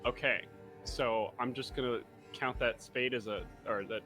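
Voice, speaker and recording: A man playing a tabletop game, explaining his character's moves in a halting way with many fillers. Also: mid-range voice, fairly even intonation, bright, forceful tone, faint music behind. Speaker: player.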